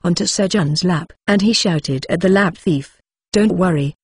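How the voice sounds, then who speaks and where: A woman narrating a web novel audiobook in an even, steady reading tone. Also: lowish voice, moderate pace, husky, no echo, clean studio sound.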